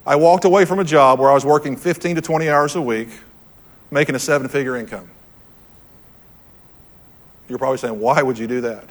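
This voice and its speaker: A man's voice: mid-range voice, fairly even intonation, brisk, long pauses. A man preaching to a room, telling a personal story in an earnest, storytelling way and repeating his key phrases. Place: church hall with audience.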